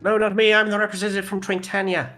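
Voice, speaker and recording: A man's voice: high-pitched, level tone, quick pace, sharp tone, soft background music, pitched above the performer's own voice. A man voicing a dry, casual female envoy from a small nation. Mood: wry.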